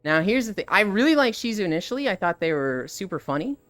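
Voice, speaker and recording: Lively, swearing woman streamer. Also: mid-range voice, fast. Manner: animated, profane anecdote-telling. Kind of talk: casual storytelling on a live stream.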